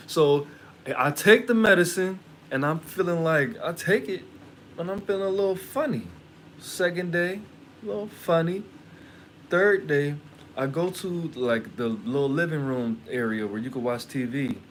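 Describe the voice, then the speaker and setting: A man's voice: on the high side, moderate pace, slight background noise. A man telling a story to his live viewers in a blunt, profane, rambling way. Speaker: livestream host. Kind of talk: casual storytelling to a live chat.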